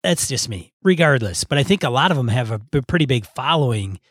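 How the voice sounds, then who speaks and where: Mid-voiced guy on a podcast, halting, thinking out loud, dry sound. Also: mid-range voice, expressive, breathy edge, no echo. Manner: hesitant, thinking aloud. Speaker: podcast co-host. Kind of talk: casual chat.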